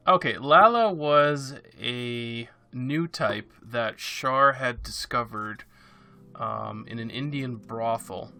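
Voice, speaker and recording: Bright-voiced Canadian man, hesitant. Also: medium pitch, slow pace. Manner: hesitant, many uh and um fillers. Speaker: podcast co-host. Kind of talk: casual podcast chat.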